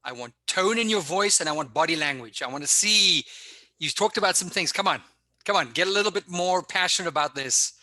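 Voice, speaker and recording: Energetic guy coaching speakers on a video call, pushy and emphatic, tense bright tone. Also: fairly high pitch, a little fast, no echo. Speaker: public speaking instructor. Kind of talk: live online workshop coaching.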